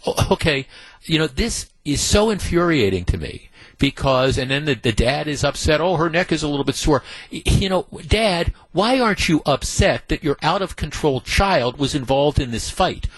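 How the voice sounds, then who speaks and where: Husky, indignant male radio host. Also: on the high side, very animated, normal speed, no room sound, poor audio. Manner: indignant, emphatic, rhetorical questions. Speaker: radio talk show host. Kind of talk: talk radio commentary.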